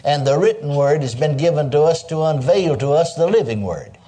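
A man's voice: on the high side, expressive, a little fast, dark tone. A man preaching a sermon, emphatic, breaking in with cries of praise and calling on listeners to answer him. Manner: calls for audience response.

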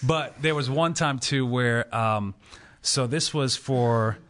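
A man's voice: medium pitch, slow, fairly bright tone. A man in his forties, a pastor, telling a funny story on a podcast with frequent laughter.

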